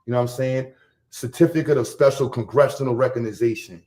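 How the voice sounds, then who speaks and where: A man from Harlem, hosting a casual livestream rant full of profane, boastful street slang and loud bursts. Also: medium pitch, a little fast. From Harlem, New York. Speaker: livestream host.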